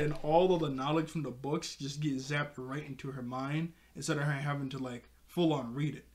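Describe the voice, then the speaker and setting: A man's voice: a little high, steady tone, brisk, hardly any pauses, a little hiss or hum. A young man casually recapping a cartoon episode, rambling with lots of fillers and frequent laughs. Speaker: show reviewer.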